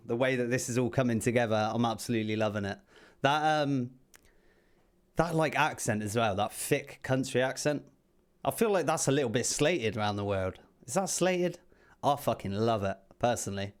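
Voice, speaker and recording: A man hosting a music reaction video, chatting excitedly and swearing freely. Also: mid-range voice, normal speed, clean tone. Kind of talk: casual reaction commentary.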